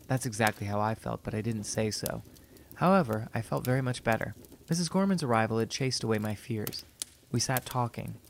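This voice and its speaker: A man narrating a story in a measured, even reading voice. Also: fairly low pitch, creaky, a little hiss or hum.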